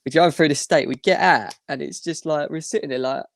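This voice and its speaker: Gravelly young man telling a story. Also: on the high side, brisk, no echo, studio quality. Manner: animated, rambling anecdote with restarts. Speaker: podcast guest. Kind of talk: casual storytelling.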